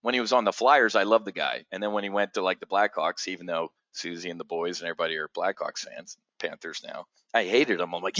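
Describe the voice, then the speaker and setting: Animated man telling a story with a bright, forceful voice. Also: quick pace, hardly any pauses, dry recording. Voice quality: animated, swears freely, acts out others' voices in high pitch. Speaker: trading community host. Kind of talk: casual storytelling monologue.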